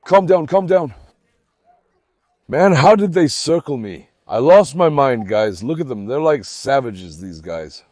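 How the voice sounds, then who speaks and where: Excitable high-voiced man scolding dogs. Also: no room sound, clean studio sound. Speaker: dog owner and channel host. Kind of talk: casual vlog commentary. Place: outdoor garden with dogs.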